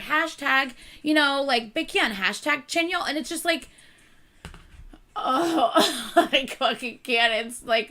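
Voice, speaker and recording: A woman hosting her channel, chatting casually with viewers in an animated, exasperated rant. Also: high-pitched. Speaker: channel host.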